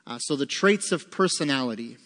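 Recorded amid the long reverb of a large room, a pastor gives emphatic, sermon-style Bible teaching with fill-in notes, asking rhetorical questions and supplying the answers. His mid-range voice is fairly bright, brisk, and lively in intonation.

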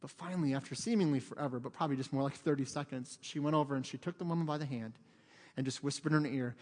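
A man preaching a sermon as pastor, telling stories with dramatic swings from loud to hushed. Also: mid-range voice, fast, long reverb tail. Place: church sanctuary.

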